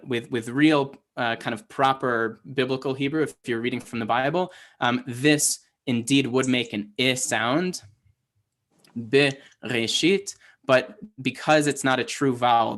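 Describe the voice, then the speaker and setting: A man with a mid-range, fairly bright voice gives an online Hebrew lesson over video call. He explains patiently and often checks in with his students.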